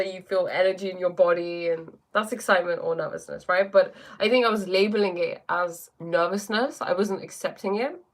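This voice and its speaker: A woman with an English accent, a spiritual teacher chatting casually on a live stream, reading viewer comments aloud and answering them. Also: lowish voice. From England.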